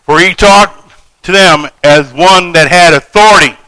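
A man's voice: sits high, measured pace, bright, forceful tone, no echo, low-quality recording. A man preaching a sermon, reading scripture and breaking off into folksy, joking asides.

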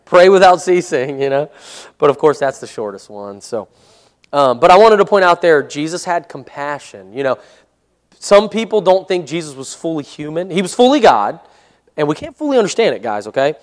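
A man leading a casual Bible study as a pastor, conversational and given to chuckles and "Amen?" checks, slowing into a measured tone when reading scripture aloud. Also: on the high side, sing-song, long reverb tail. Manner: conversational, chuckles often, asks "Amen?" and "right?".

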